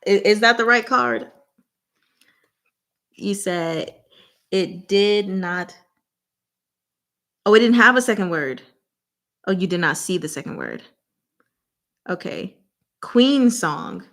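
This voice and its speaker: A woman hosting a casual livestream word game. She gives clues in short, deliberate fragments and laughs often. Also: medium pitch, expressive, fairly bright tone. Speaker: channel host running a livestream game.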